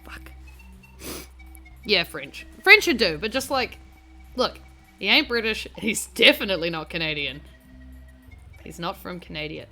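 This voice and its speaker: A woman's voice: on the low side, lively intonation, unhurried, pauses often, pushed and bright, soft background music. A young woman with a New Zealand accent, rambling and swearing casually while commentating on a game she is playing. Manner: rambling, sweary, self-mocking. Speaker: game streamer. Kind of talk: casual let's-play commentary.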